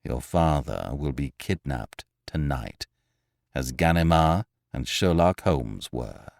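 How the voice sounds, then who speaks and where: A man's voice: extremely low pitch, expressive, slow, gravelly, a little mellow, no echo, clean studio sound, voice pushed down, exaggerated voice. A man voicing a proud, wrathful master thief who mutters threats through his teeth in an audiobook reading. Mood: menacing. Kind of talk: audiobook character voice.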